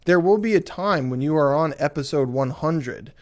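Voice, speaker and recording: A man's voice: on the high side, animated, normal speed, a little mellow. A man hosting a podcast, speaking encouragingly to his guest with stumbling restarts. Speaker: podcast host. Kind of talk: encouraging interview remarks.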